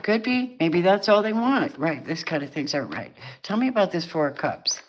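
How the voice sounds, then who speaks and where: A woman's voice: on the low side, sing-song, normal speed. A middle-aged woman doing a casual, chatty tarot reading, laughing often and acting out the people she sees in the cards. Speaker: tarot reader.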